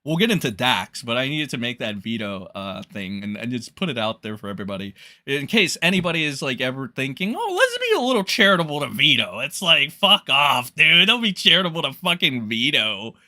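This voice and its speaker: A man's voice: medium pitch, lively intonation, a little fast, pushed and bright, no echo, clean studio sound. A man giving heated, profanity-laced livestream commentary, with exasperated outbursts.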